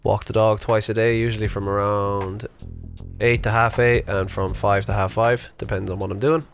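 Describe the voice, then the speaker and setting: A man in his thirties narrates an unscripted vlog while walking his dog outdoors in the morning, chatty and rambling with plenty of fillers. His voice is lowish with little pitch movement, at a moderate pace, and soft music plays in the background.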